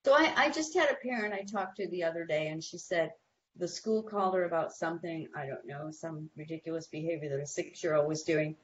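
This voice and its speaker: A woman with a slightly low voice talks parents through school behavior plans, telling quick stories and acting out what teachers and principals say. The audio is dull and lo-fi, with a faint hiss underneath. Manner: animated storytelling, acts out quoted people. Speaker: guest behavior expert. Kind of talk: advice on a talk show.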